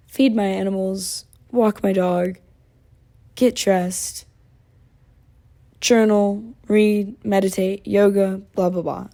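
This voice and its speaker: Female podcast host, unhurried delivery, gravelly fry in a warm low tone, candid casual solo chat. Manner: candid, animated ranting with swearing and laughs.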